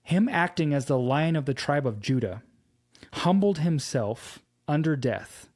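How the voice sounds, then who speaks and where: Slow, earnest male preacher. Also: on the high side, expressive, darkish tone. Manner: slow, earnest storytelling with scripture quotes. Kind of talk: devotional teaching with personal story.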